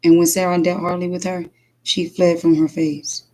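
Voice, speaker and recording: A woman who reads scripture aloud and then tells emphatic, lively stories as a livestream preacher. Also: fairly low pitch, normal speed, low-quality recording. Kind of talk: scripture reading and casual testimony.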